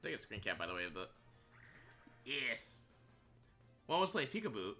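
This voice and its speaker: Male streamer, casual rambling chat with lots of laughs; bright, animated voice that swings up and down. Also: on the low side, normal speed, faint music behind. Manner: rambling, filler-heavy, laughs often. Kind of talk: casual live-stream chat while gaming.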